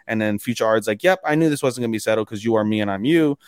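Guy cohosting a podcast, recapping stuff, swears a lot, does quick bits of the characters, dry close sound. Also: lowish voice, clear, resonant tone, no echo. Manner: animated retelling, acting out characters' lines with profanity. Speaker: podcast co-host. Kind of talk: casual chat recapping anime episodes.

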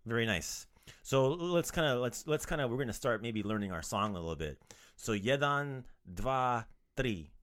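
A man hosting a podcast language lesson in a playful, casual way, joking around and repeating words slowly for learners. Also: mid-range voice, animated, fairly bright tone.

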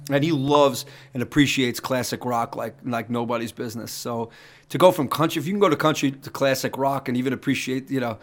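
A middle-aged man tells stories as a guest on an interview. He talks in a rambling, animated way, swearing freely and restarting his sentences. His voice sits at an ordinary pitch for a man. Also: a little fast. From New York. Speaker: guest musician. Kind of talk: casual interview storytelling.

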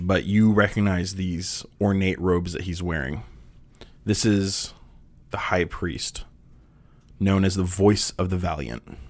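A man's voice: low-pitched, no echo. A man narrating as game master of a tabletop game, describing scenes with occasional restarts.

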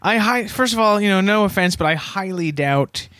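A man's voice: sits high, expressive, moderate pace, sharp tone, no room sound. A man co-hosting a comedy podcast, dry and skeptical, hedging his criticism with lots of "you know". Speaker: podcast co-host. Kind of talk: comedic banter.

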